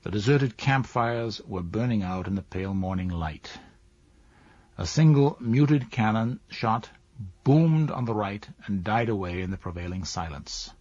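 A man narrating a classic novel as an audiobook in a measured, even storytelling manner. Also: on the low side, breathy edge, dry recording. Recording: dull dry lo-fi recording.

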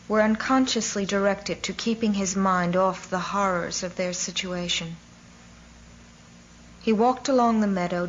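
A woman narrates a war novel in a measured audiobook reading, her pitch at an ordinary middle height. The recording sounds a little dull, with a faint hiss underneath. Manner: measured, voicing characters' cries with raised pitch.

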